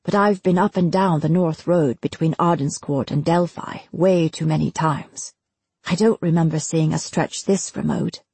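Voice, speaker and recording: A tense, impatient young nobleman speaks tersely and demands answers, as a woman narrating a storybook puts him on. The voice is husky with gravel in it. The recording is dry and close. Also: deep voice, normal speed, warm tone, no echo, full character voice. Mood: uneasy.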